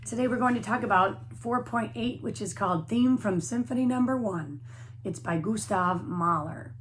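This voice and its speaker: A woman's voice: medium pitch, normal speed, a little hiss or hum. A woman teaching a flute lesson to young students, explaining patiently and encouragingly, step by step.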